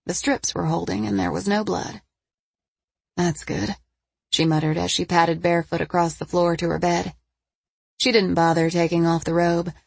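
A woman narrating an audiobook with even, measured storytelling. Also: fairly low pitch, vocal fry, slightly rough, no room sound.

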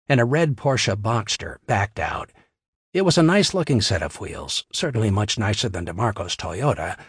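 A man narrating a crime novel in a steady, wry storytelling manner on a close studio mic. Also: fairly low pitch, breathy edge, no echo. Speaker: audiobook narrator. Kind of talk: scripted narration.

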